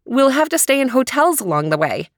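A woman voicing a practical, skeptical mother in a storybook, slightly raised in pitch. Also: sing-song, brisk, no echo, clean studio sound. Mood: doubtful. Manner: skeptical, exasperated. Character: practical, doubtful mom.

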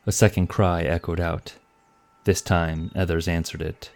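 A man narrating a fantasy story in a measured, scripted way. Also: low-pitched, level tone, gravelly.

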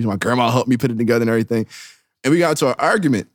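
A man's voice: mid-range voice, racing, no echo, clean studio sound. A young man co-hosting a casual podcast, telling stories with many laughs and acted-out quotes. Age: young adult. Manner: animated storyteller, laughs often, acts out quotes. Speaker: podcast co-host. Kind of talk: casual storytelling chat.

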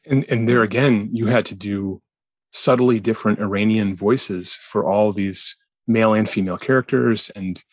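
A man co-hosting a casual podcast, speaking haltingly and repeating words as he thinks. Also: on the low side, no room sound. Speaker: podcast co-host.

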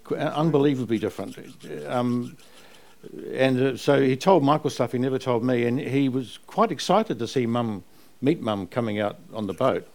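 In a live on-stage interview, this older Kiwi memoir author rambles through lively anecdotes and laughs through his tales. He has a mid-range voice and keeps a moderate pace.

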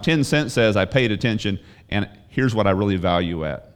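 Emphatic male preacher, loud-soft swings. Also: on the low side, animated, normal speed. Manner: emphatic, swings from quiet asides to loud stresses; repeats words and restarts when pressing a point. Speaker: pastor. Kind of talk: sermon.

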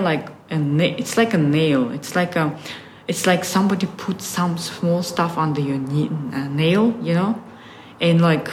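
A woman's voice: sits low, slight background noise. A woman from Russia, an artist talking reflectively in an interview with many fillers and some frustrated swearing. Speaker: artist guest. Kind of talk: casual interview talk. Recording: roomy echo.

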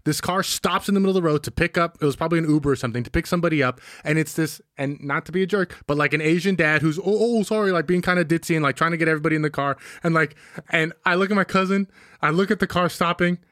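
A young man talks fast and a little high as he co-hosts a laid-back podcast. His stories come out animated, with plenty of swearing. The recording is dry and close. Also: dry recording. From Northern California. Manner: animated, swearing, quick storytelling. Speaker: podcast co-host. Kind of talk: casual chat about a film.

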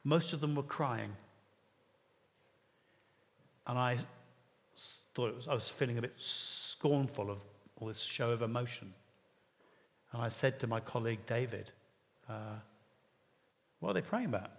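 A man's voice: mid-range voice, normal speed, long pauses. A man preaching a sermon in an earnest, conversational way, with occasional hesitations. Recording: reverberant hall.

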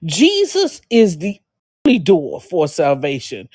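A woman's voice: on the high side, very animated, measured pace, darkish tone. Exuberant, laughing woman preacher. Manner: exuberant, laughing often, calling out to listeners, speaking in tongues. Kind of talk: sermon on a podcast.

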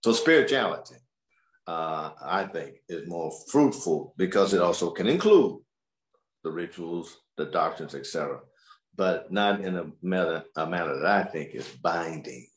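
A man, a scholar, answering interview questions in a measured, explanatory way. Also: low voice, animated, echoey room. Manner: measured, explanatory, repeats words.

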